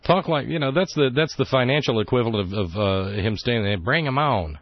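A man's voice: mid-range voice, fast talker, no echo, muffled recording. A man hosting a political talk radio show, indignant and sarcastic, rambling through his points with fillers.

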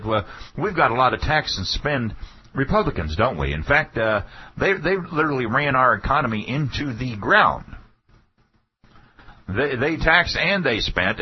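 A man's voice: mid-range voice, slightly rough. A man hosting a political talk radio show, delivering a folksy, sarcastic monologue. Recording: dull lo-fi radio broadcast.

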